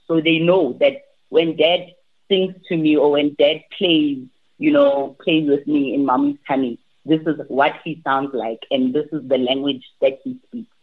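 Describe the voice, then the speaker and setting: A woman, a language teacher, giving advice in an interview, animated and often restarting her sentences. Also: sits low. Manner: animated, repeats and restarts, acts out quotes. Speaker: language academy teacher, guest. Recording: tinny phone-like line.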